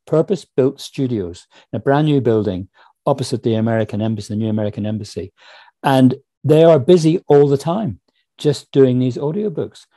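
A man with a Northern Irish accent, a guest author on a podcast, telling stories quickly and animatedly and slipping into voices when he quotes people. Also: mid-range voice, no room sound. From Northern Ireland. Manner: quick, animated storytelling, slips into voices when quoting others. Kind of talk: casual interview chat.

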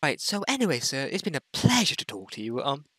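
A man co-hosting a casual video-call interview, teasing and quick to crack up. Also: a little high, very animated, bright, forceful tone, slightly rough. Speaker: co-host interviewing a friend's dating matches.

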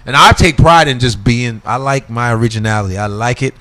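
A middle-aged man from Nigeria, a guest comedian trading profane stories and quick impressions in casual podcast banter. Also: medium pitch. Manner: animated, profane storytelling with impressions.

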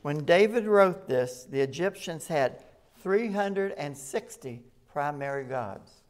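A man with a fairly high, expressive voice preaches an evening sermon at a rescue mission, speaking slowly and plainly to the congregation. He reads scripture aloud with rising emphasis.

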